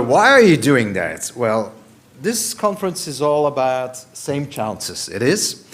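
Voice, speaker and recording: Low-voiced man giving a joking talk. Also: fairly bright tone. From Belgium. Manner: wry, joking, emphatic. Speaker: conference speaker. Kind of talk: conference presentation.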